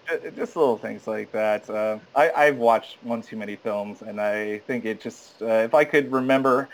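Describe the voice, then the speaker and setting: A young man, a stage actor, talking in a casual interview in a rambling, animated way with many fillers and restarts. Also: lowish voice, normal speed, few pauses, rough recording.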